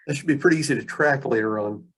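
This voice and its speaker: A man's voice: medium pitch, quick pace, slightly rough. A man hosting an online reading on a video call, praising his guest and chatting in a rambling way. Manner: warm, rambling, full of praise. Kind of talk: casual interview.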